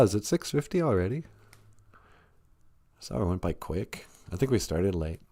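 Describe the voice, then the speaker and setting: Joking low-voiced man hosting a stream. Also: big pitch swings, moderate pace, pauses often, dark tone, dry recording, clean studio sound. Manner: joking, rambling, laughs often. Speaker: live stream host. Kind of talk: casual comedic live-stream chat.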